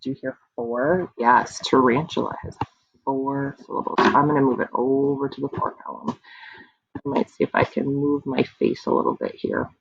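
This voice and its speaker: A young woman teaching kindergarten runs an online phonics lesson for little ones, slow and sing-song and encouraging, her rumbling low voice making big pitch swings. A slight gravelly edge shows, and the dry, dull audio resembles a basic computer mic.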